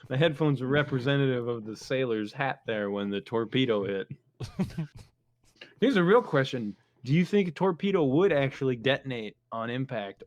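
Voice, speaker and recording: A man co-hosting a podcast in casual chat, telling jokey stories with quick put-on voices and laughing often. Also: medium pitch. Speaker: podcast co-host. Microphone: headphones.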